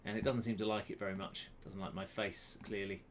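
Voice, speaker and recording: A man's voice: fairly low pitch, fairly even intonation, brisk, slight background noise. Chatty man hosting a live quiz. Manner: chatty, self-mocking, greets viewers by name. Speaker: quiz host. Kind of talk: casual live-stream chat. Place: home room, indoors. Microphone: webcam close to the face.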